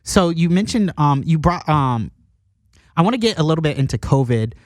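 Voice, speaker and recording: A man's voice: on the high side, big pitch swings, moderate pace, no room sound, clean studio sound. A man interviewing a guest in a casual, playful way, joking between questions.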